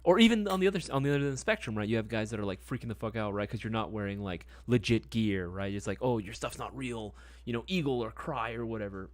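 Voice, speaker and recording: A man's voice: lowish voice, rapid-fire, few pauses, no room sound. A young man hosting a casual live stream, talking in a laid-back, slangy way and often tagging on "right?" and "man". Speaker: livestream host.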